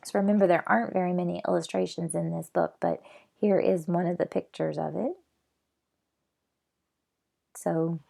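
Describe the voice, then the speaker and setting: Gravelly woman reading a children's story. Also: lowish voice. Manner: expressive read-aloud with asides to young listeners. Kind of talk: reading a children's book aloud.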